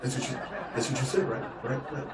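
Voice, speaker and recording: A man's voice: mid-range voice, fairly even intonation, a little fast, crowd noise. A male stand-up comedian telling a story in a conversational way, often repeating "right?" and "I'm just saying". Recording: echoey room, distant mic, faint noise.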